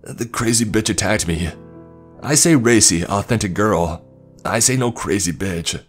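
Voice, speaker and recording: A man's voice: fairly low pitch, animated, measured pace, soft background music, voice pushed up. A man voicing a panicked, wounded foreign man who pleads in broken English, in a spoken horror story.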